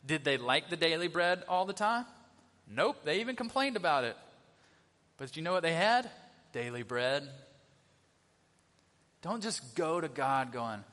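Middle-aged pastor guy, bit high voice, bouncy pitch, preaching casual, echoey church hall. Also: sing-song, unhurried, long pauses, pushed and bright. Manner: conversational preaching, asks the congregation questions. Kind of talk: sermon. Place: church sanctuary. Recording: long reverb of a church hall.

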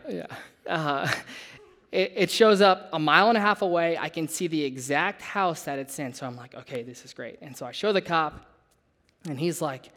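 A young adult man preaches a sermon in a relaxed, conversational style, slipping into a personal story and turning to his listeners with asides. His voice sits slightly high for a man.

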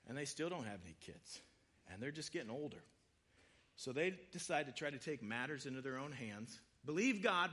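A man giving a sermon, retelling scripture stories in a casual, conversational way with quick voiced asides. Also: fairly high pitch, fairly bright tone. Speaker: preacher.

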